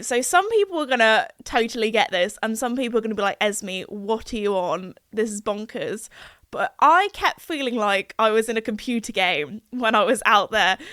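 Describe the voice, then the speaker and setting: A woman's voice: a little high, fairly bright tone, no echo, clean studio sound. A young woman with an English accent, hosting a podcast in casual, giggly chat full of "like". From England. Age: young adult. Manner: chatty and giggly, peppered with "like". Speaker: podcast host.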